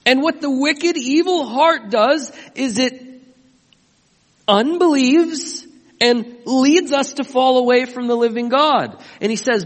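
Emphatic high-voiced male pastor preaching. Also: slow, big-room sound. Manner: emphatic, asks the congregation questions. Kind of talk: sermon.

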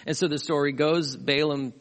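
A man pastor delivering a sermon, retelling a scripture story in an animated way, with asides to the congregation. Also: a little high, normal speed. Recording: long hall reverb.

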